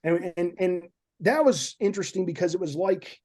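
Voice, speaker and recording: A man talks through a story on a podcast, circling back and repeating words as he goes. His voice sits a little high, but its tone is dark and mellow. He sounds like an excited guest recounting a film shoot. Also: normal speed. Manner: rambling, repeats words when nervous.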